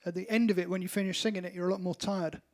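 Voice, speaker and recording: A man's voice: sits high, flat delivery, very fast, darkish tone. A man co-hosting a casual livestream chat as a band member, making dry, teasing quips.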